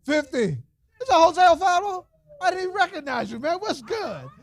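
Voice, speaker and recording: A man running a lively fundraiser auction, teasing the crowd with slang and frequent laughter. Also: very high voice, normal speed. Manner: playful, teasing, street slang, laughs often. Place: event hall with audience.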